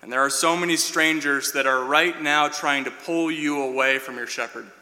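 A man preaching a sermon earnestly, building in waves and dropping soft for quoted words, recorded in a church. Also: a little high, steady tone, moderate pace. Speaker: pastor. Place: church sanctuary. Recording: long hall reverb.

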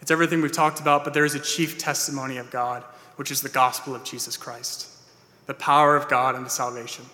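A man's voice: medium pitch, steady tone, fast, bright, forceful tone. A man preaching a sermon as pastor to his church, earnest and plain-spoken, with "uh"s and restarts. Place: church sanctuary. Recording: long hall reverb.

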